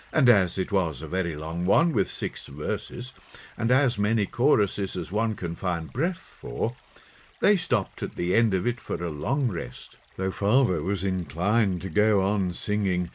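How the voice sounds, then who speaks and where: A man reading a children's story aloud in an expressive, unhurried way. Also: low-pitched. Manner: slow, lively expressive reading. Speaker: audiobook narrator. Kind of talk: storybook narration.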